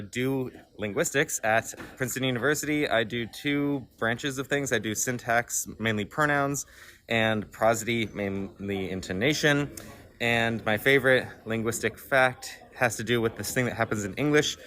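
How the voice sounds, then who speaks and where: A man, a linguistics researcher, explaining his work in an interview, relaxed with some fillers. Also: medium pitch. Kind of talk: conference interview. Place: busy conference venue.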